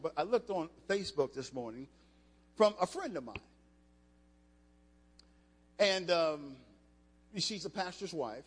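Older male preacher, emphatic, fairly high voice, long hall reverb. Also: breathy edge. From United States. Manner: emphatic, rising to loud passages, with restarts. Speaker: preacher, former football player. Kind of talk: sermon. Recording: echoey hall.

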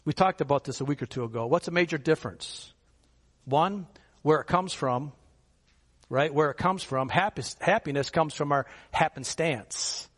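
A male pastor, his voice a little higher than most men's, preaches at a moderate pace in a friendly, conversational way, directing rhetorical questions at his congregation. A long reverb from the sanctuary trails after what he says.

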